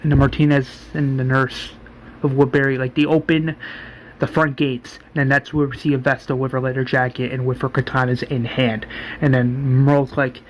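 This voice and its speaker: A man's voice: mid-range voice, flat delivery, normal speed, dull audio, a little hiss or hum. A man casually recapping an episode, rambling and acting out the characters as he goes. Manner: rambling, restarts, acts out characters. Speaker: fan series creator.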